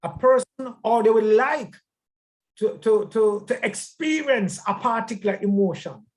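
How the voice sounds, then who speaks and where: A man's voice: high-pitched, normal speed. A man teaching a church life-skills class in a conversational way, emphatic and often repeating words.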